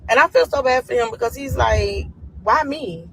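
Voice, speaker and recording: Husky woman retelling gossip. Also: fairly high pitch, brisk, poor audio. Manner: gossipy, retells with quoted voices. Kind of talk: casual storytelling rant.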